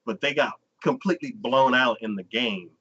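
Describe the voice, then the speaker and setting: A man's voice: medium pitch, moderate pace, pushed and bright, breathy edge, lo-fi sound. A man hosting a podcast who casually retells anime episodes in a rambling way, laughing often, into a desk mic. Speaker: podcast host. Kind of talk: casual anime review chat.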